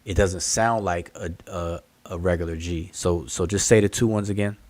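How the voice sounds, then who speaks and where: A man's voice: sits low, steady tone, normal speed, a little mellow, no room sound. A man hosting an online study group hangout, explaining patiently and thinking aloud over a video call. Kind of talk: casual online hangout discussion.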